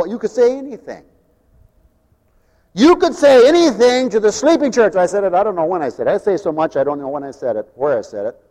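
Animated high-voiced preacher in a reverberant hall. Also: male voice. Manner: animated, mocking, wide swings in loudness. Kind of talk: sermon.

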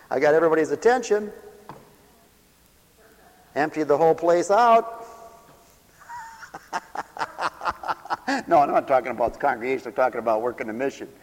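A man preaching a lively sermon who swings from loud cries to quiet mumbles, acting out scenes and laughing often. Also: on the high side, measured pace, pauses often, in a large hall. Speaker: pastor.

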